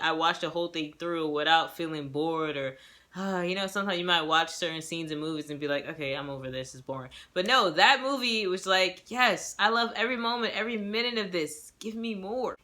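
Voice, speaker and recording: A young woman with a bright, crisp voice chats her way through a movie review. She rambles happily, laughs easily and acts out her own reactions as she gushes. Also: lowish voice. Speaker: movie reviewer and self-published author. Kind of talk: casual movie review vlog.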